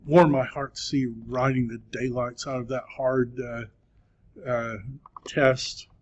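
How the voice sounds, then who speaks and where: Slow patient male Greek teacher. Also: mid-range voice, level tone. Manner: slow, patient, encouraging, with many "uh" pauses. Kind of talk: classroom lecture. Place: classroom. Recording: dull lo-fi classroom recording.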